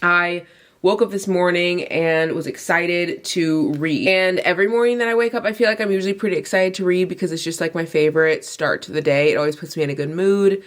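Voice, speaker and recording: A woman's voice: fairly low pitch, fairly even intonation, brisk. Sleepy young woman chatting from bed. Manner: chatty, filler-heavy, many "like"s and restarts. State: sleepy, yawning, runny nose. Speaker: book vlogger. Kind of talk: casual early-morning vlog chat. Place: bedroom, lying in bed.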